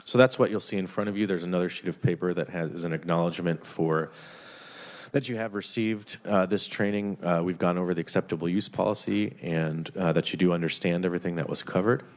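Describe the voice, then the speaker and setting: A man with a very deep voice walks lawmakers through a basic IT training. He speaks haltingly, full of fillers and restarted phrases. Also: fairly even intonation. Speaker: IT trainer presenting to committee. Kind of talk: committee presentation.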